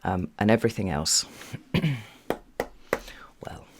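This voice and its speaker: A man giving a casual tarot reading, talking in a chatty, meandering way with many fillers and at times dropping to a soft half-whisper. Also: sits low, takes it slowly, vocal fry, noisy background. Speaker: tarot reader.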